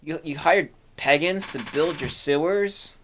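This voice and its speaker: A man's voice: a little high, measured pace, background noise, voice pushed up, lightly acted. A man voicing the player's knight hero in a fantasy game, reading the lines loosely and slipping in filler words.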